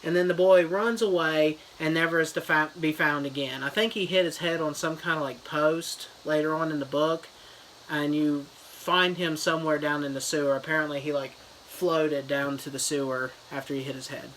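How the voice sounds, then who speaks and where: A man's voice: a little high, steady tone, normal speed, fairly bright tone, a little hiss or hum, low-quality recording. Guy rambling thru a fake book review, loose and chatty, lots of um and you know. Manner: loose, filler-heavy storytelling. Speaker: comedy reviewer. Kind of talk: rambling mock book retelling.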